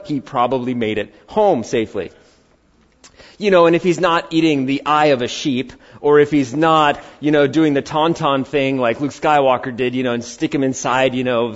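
Animated middle-aged man preaching. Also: fairly high pitch. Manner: animated, conversational, acts out quotes in varied voices. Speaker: pastor. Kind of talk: sermon with storytelling. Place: church hall before a congregation. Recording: slightly dull lo-fi sound.

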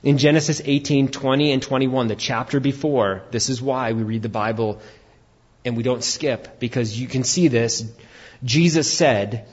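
A pastor preaching an animated sermon, rising to shouts for emphasis. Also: male voice, medium pitch, moderate pace, slightly rough, lo-fi sound.

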